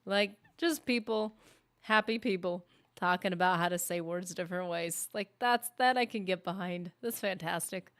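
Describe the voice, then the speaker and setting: A woman's voice: on the low side, moderate pace, a bit bright, no echo. A woman streaming a game, chatting casually and teasing her viewers in a playful way. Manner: playful, teasing banter with chat. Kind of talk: casual live-stream chat.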